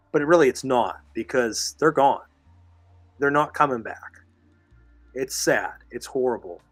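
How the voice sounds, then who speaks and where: This male podcast co-host has a mid-range voice that's fading as he loses it, recorded dry and close with no echo. He reads listener comments and gives earnest advice in an emphatic coaching tone, repeating phrases.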